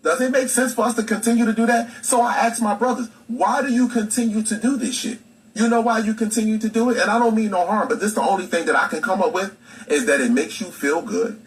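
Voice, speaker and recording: A man's voice: sits high, steady tone, quick pace, poor audio. A man delivering an impassioned, profane monologue to his audience, firing off rhetorical questions with heavy emphasis. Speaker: social media commentator.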